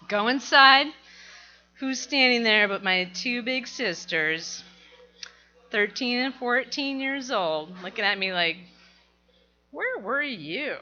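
A middle-aged woman telling a personal story to an audience, animated and laughing as she goes. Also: fairly high pitch, highs cut off.

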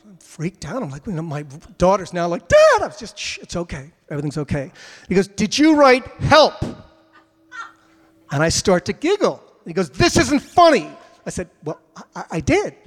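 A man's voice: fairly high pitch, in a large hall. A middle-aged man telling a family story casually, acting out the voices of his kids and the police. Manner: animated, acts out voices of kids and troopers.

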